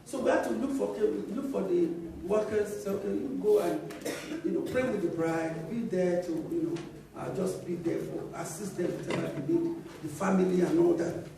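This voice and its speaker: A woman's voice: lowish voice, normal speed, gravelly, background noise. A middle-aged woman pastor giving a sermon, telling a story with laughter and acting out the dialogue. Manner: animated, laughing as she tells stories, acting out dialogue. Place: large church hall. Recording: echoey hall, voice from far off.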